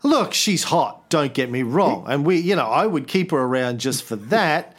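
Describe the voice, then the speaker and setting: A man's voice: on the high side, lively intonation, moderate pace. A man co-hosting a podcast, chatting crudely and comically about art history, riffing and slipping into silly impressions. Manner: profane, riffing, slips into impressions. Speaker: podcast co-host.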